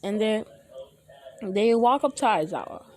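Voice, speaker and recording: A young man casually retelling a fan story, rambling with many halting restarts. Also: high-pitched, lively intonation, darkish tone.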